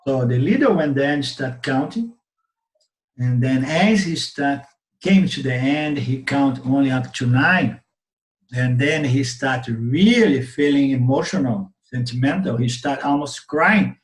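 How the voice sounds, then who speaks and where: A man's voice: mid-range voice, expressive, measured pace. A man whose first language is Portuguese, speaking with a Brazilian Portuguese accent, telling a teaching story in an online class and often checking in with "okay?". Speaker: Vedanta teacher. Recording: roomy webinar audio.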